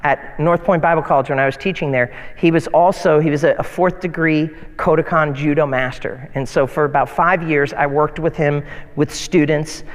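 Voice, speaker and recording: Pastor, male, high voice, animated sermon delivery, church hall reverb. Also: normal speed. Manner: animated preaching with mocking whiny voices for quoted complainers. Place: church sanctuary.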